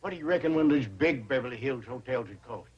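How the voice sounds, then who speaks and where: An actor playing a folksy, plain-spoken old hillbilly with a rural Southern drawl, heard on an old sitcom soundtrack. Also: male voice, medium pitch, expressive, fast, lightly acted. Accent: American Southern rural. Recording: dull old TV soundtrack with loud hiss.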